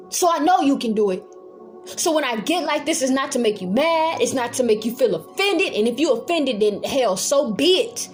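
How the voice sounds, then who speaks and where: A woman delivers a fiery sermon from home. Her voice sits high, and she moves from calm teaching into zealous yelling. Soft music plays faintly under her. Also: fairly quick. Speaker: Bible teacher.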